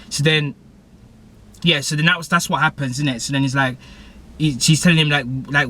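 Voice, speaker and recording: A man's voice: a little high, steady tone, fast, bright, forceful tone. A young man, recapping a TV episode in casual, rambling slang. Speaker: TV episode reviewer.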